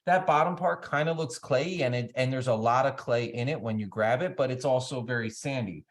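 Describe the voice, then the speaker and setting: A man's voice: medium pitch, a little fast. A man co-presenting a webinar, casually thinking aloud as he walks through a soil sample and checks in with his partner. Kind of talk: conversational commentary on a soil profile.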